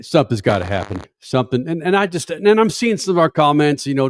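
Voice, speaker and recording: A man's voice: on the high side, big pitch swings, fast talker, hardly any pauses, dry recording. A man hosting a casual motorsports radio talk show from a studio, brash and flippant and swearing freely.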